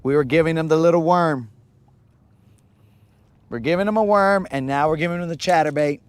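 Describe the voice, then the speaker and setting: Upbeat man angler on a lake, fairly high voice, playful running commentary with Spanish slang. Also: normal speed, smooth, dry recording. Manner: playful, hyped banter peppered with Spanish slang. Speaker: angler, channel host. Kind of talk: live fishing vlog commentary. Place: outdoors on a lake.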